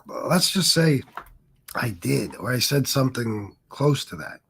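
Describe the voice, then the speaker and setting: A man's voice: mid-range voice, animated, unhurried, creaky, a bit bright, slightly rough. A middle-aged man hosting a livestream, talking in a defensive, rambling, profane way. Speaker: livestream host. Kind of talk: casual livestream monologue.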